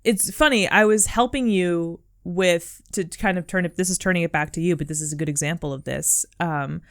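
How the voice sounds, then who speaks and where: A woman's voice: on the low side, moderate pace. A young adult woman co-hosting a podcast, chatting casually in an earnest, encouraging way, full of "like" and "um". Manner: earnest, encouraging, heavy use of "like" and "um". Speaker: podcast co-host. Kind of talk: casual chat.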